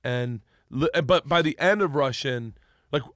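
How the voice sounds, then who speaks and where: A man's voice: mid-range voice, unhurried, dry recording, studio quality. A man from Florida telling a long story in casual chat, swearing freely and laughing through his words with frequent restarts. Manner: profane, laughing, animated with many restarts.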